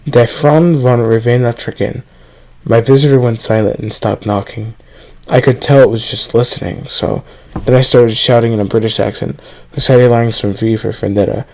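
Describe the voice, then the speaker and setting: A man reads a first-person horror story aloud at a steady pace. His voice sits low and has a gravelly, dark tone. He is the regular narrator of the channel. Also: rough recording.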